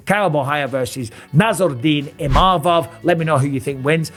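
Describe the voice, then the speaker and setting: A middle-aged man talking through a fight card like a seasoned commentator, blunt and lively with the odd curse. His voice sits a touch higher than most men's. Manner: animated, blunt, with occasional swearing. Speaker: MMA commentator and show host. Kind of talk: casual fight preview talk.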